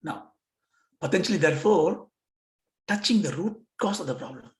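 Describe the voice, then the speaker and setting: A man's voice: a little high, lively intonation, normal speed. A man teaching yoga philosophy, acting out questions and answers with himself. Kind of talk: lecture on scripture. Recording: roomy echo.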